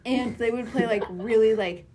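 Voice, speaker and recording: A woman's voice: fairly high pitch, normal speed, a crowd in the background. A young woman recounting online drama in rambling casual chat full of fillers. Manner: rambling, filler-heavy storytelling. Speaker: podcast co-host.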